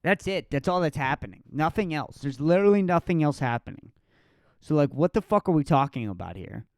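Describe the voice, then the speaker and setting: A man in his twenties doing a solo comedic podcast rant, profane and mocking, sometimes jumping into a shrill voice to mimic others. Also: brisk, gravelly, no echo, clean studio sound. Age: 20s. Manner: profane, animated, mocking falsetto impressions.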